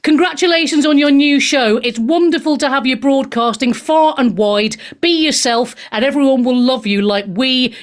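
A woman hosts a talk show, reading listener emails and taking calls in a cheeky, breezy style that slips into swearing. Her voice is a little high.

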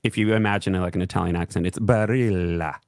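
A man's voice: deep voice, fairly even intonation, vocal fry, slight background noise. A man co-hosting a casual news show, adding wry asides and reading out viewer comments. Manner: quick wry quips. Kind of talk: casual banter.

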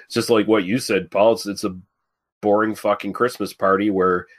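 A man's voice: fairly low pitch, fairly even intonation, normal speed. A man co-hosting a casual film podcast, rambling with fillers and casual swearing. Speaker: podcast co-host. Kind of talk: casual movie discussion.

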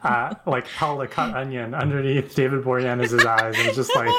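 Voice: medium pitch, steady tone, moderate pace, very noisy. A podcast co-host giving wry, offhand commentary on a TV episode in casual chat.

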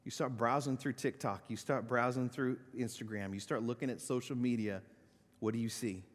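男牧师激昂讲道，大厅回响. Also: male voice, steady tone, moderate pace, in a large hall. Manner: dynamic preaching, swinging between loud emphatic peaks and low quiet asides. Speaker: pastor. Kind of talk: sermon. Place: church sanctuary.

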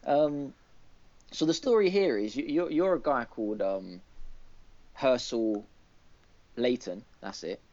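This gaming podcast co-host speaks slowly in a mid-range, somewhat dark voice, animated yet pausing often. His casual retelling rambles along with heavy fillers and many restarts, captured in dull lo-fi podcast audio.

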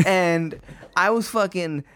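A man's voice: high-pitched, slow, a bit bright, clear, resonant tone, no echo, clean studio sound. A young man telling a crude story among friends, swearing constantly and laughing as he talks. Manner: profane, laughing often while telling. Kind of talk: casual storytelling.

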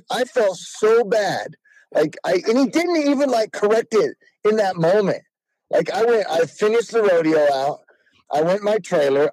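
Guy telling a rodeo clown story, kinda high voice, super animated, dry mic. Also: no room sound, rough recording. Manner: animated, quotes people in put-on voices. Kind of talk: casual storytelling.

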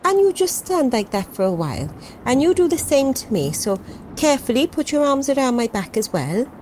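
A woman playing a kind, motherly woman adventurer who speaks gently and coaxingly, with little restarts. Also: sits high, very animated, a little fast, a little hiss or hum, voice pushed up, poor audio.

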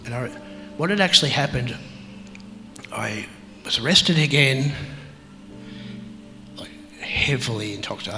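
Gravelly man, reverb and music. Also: medium pitch. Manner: halting, reflective storytelling with many fillers. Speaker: interview guest. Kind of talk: personal testimony in an interview.

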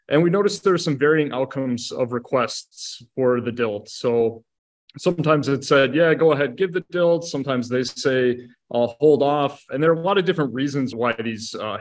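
A man, an assistant medical director, explaining heart rhythm treatment in an educational podcast discussion, steady and methodical with frequent "you know" fillers. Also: medium pitch.

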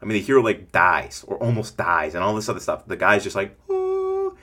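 Speaking at a quick pace, a fairly low-voiced man hosts a laid-back coaching podcast aimed at small-business owners. He rambles energetically and frequently imitates imaginary customers to drive his ideas home.

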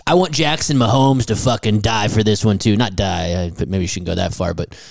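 A man co-hosting a casual chat show, joking crudely with quick asides. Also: lowish voice, vocal fry, no echo, clean studio sound. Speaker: podcast co-host.

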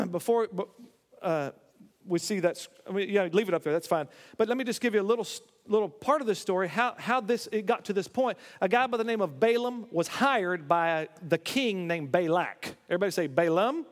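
A man's voice: sits high, normal speed, big-room sound. A man preaching a sermon, retelling a scripture story with acted-out voices and frequent self-corrections. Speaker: pastor.

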